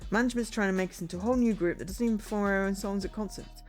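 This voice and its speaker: A woman's voice: medium pitch, racing, a little mellow, faint music behind, lightly acted. A woman voicing a frustrated young male band member who accuses his bandmate, in a confrontational way.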